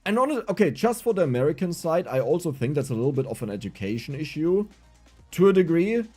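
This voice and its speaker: A young man with a German accent chats on a livestream in a lively, rambling way, his pitch rising and falling a lot. His voice has a mellow, darker tone, and soft game music plays faintly underneath. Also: fast talker. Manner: animated, rambling, frequent restarts. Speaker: streamer. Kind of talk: casual livestream chat while gaming.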